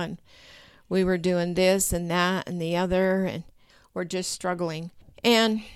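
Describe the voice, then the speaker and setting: An older woman telling a personal story in a lively way, acting out her own past thoughts with sudden high rises in pitch. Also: vocal fry, clear, resonant tone, no room sound. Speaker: guest telling a true story.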